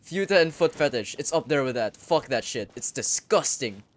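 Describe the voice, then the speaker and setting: A young man giving casual gameplay commentary, crude and excitable, breaking into sudden loud outbursts. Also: mid-range voice, normal speed, background noise. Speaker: gaming YouTuber. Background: faint game music.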